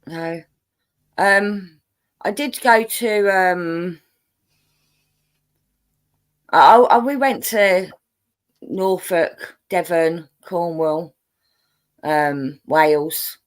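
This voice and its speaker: Speaking extremely slowly with frequent pauses, this lowish-voiced London host runs a casual chat. She reads viewer comments aloud, laughs a lot, and hams up her broad, common accent.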